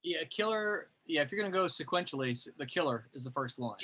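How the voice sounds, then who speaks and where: Co-host sorting out the order, bright clear voice, just explaining stuff. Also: medium pitch, animated, fast talker. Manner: organizing, explains the plan. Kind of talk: casual group chat.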